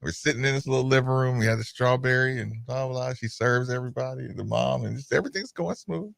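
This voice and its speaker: Brief: male radio host, animated rambling storyteller, bright forceful tone, dry studio sound. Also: mid-range voice, fast, vocal fry, no room sound. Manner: animated, digressive, breaks into voices of others. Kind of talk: casual talk-show storytelling.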